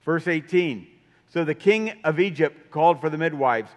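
A man's voice: on the high side, animated, normal speed. A man preaching a sermon in a casual, conversational way, asking his listeners many questions. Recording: long hall reverb.

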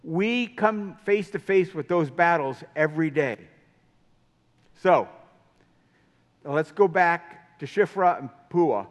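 Slow-talking man preaching in a reverberant hall. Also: fairly high pitch, animated. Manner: asks the audience many questions, plain conversational preaching. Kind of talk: sermon.

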